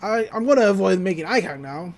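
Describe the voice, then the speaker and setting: Podcaster doing a blunt greedy old cartoon great-uncle, loud and blunt, lively pitch. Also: fast talker, lightly acted. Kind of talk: cartoon scene retold in a podcast recap.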